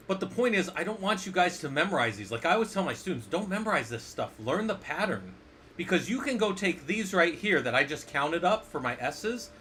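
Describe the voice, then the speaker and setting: A man's voice: fairly high pitch, bright, forceful tone, slight background noise. A man teaching a casual screen-share lesson as an instructor, playful and jokey, often asking the viewers questions.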